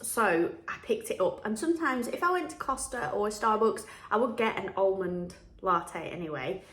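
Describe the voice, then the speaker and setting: Woman vlogger, chatty and cheerful, echoey room. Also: mid-range voice. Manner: chatty and upbeat, laughs often. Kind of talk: casual chat to camera. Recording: echoey room with faint music.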